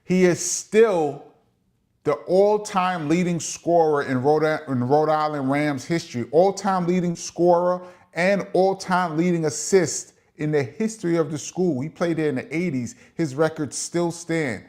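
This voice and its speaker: A middle-aged man with a New York accent hosts a casual live chat, reading viewer comments aloud and giving long-winded shout-outs. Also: fairly high pitch, a little slow. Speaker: host of a live chat show.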